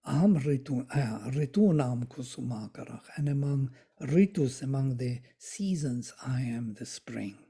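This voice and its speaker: A study group teacher reading verses aloud and explaining them word by word, with soft, thoughtful asides and small self-corrections. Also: mid-range voice, animated, a little slow, hardly any pauses, husky. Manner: recites verses, then glosses them word by word. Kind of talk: slow explanatory reading and commentary on scripture.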